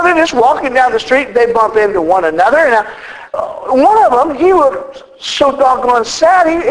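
A man preaching a sermon in a folksy, joking way. His voice is high for a man and swings widely in pitch as he tells a story. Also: rough recording. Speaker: minister.

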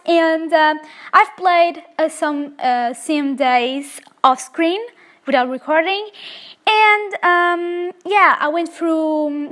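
A young woman with a high voice, whose first language is Korean, talks through a life-sim game. She speaks slowly, with lots of ums and uhs, and gushes over every moment. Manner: excitable, gushing, many fillers. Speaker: let's play host. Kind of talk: casual gameplay commentary.

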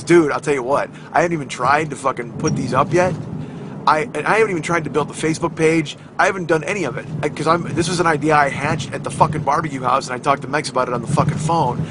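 A male comedian with a hoarse, slightly high voice rambles through a profane, self-mocking solo podcast at a quick clip. He records on a phone from the driver's seat. Steady, heavy road noise fills the car around him. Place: inside a moving car.

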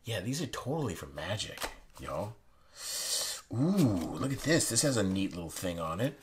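A young man with a very low voice chats excitedly while unboxing playing cards, now and then dropping to a near whisper. The recording is noisy, with cards shuffling and clicking behind him. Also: moderate pace. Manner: excitable, chatty, drops to a hush. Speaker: playing card channel host. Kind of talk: casual unboxing commentary. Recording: noisy room with card handling sounds.

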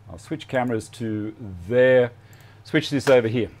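A man's voice: mid-range voice, a little slow, a little mellow. A middle-aged Australian man hosting a live woodworking show, chatting casually and thinking aloud as he works at the bench. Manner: chatty, self-deprecating, thinks aloud while working. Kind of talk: live workshop demonstration chat.

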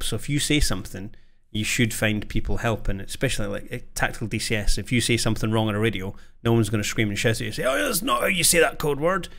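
Laid-back guy, fighter controller, reacting to his old clip with self-mockery. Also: lowish voice. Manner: relaxed, self-deprecating. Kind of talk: commentary on an old video.

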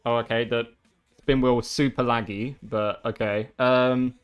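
Young guy, clear smooth voice, swings from calm play-by-play to loud swearing outbursts. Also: mid-range voice, a little slow, dull audio. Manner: excitable, swears often, shouts at big moments. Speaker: gaming video creator. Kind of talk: live gameplay commentary.

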